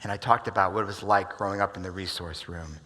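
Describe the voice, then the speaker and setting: A man in his forties giving a motivational keynote talk, telling stories dramatically and swinging from loud bursts to hushed asides. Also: sits low, fairly even intonation, fast. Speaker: keynote speaker. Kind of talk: motivational stage storytelling. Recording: long hall reverb.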